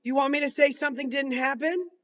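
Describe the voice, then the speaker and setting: A man's voice: extremely high pitch, quick pace, fairly bright tone, recorded from a distance, lo-fi sound, pitched above the performer's own voice. A man reading aloud, voicing an angry, defensive young woman on the witness stand with a raised, drawling voice.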